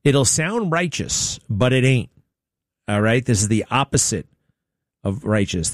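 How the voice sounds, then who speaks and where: Sarcastic, low-voiced talk show host man. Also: a little mellow, dry recording, studio quality. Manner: sarcastic, mocking, rambling. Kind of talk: opinionated talk radio monologue.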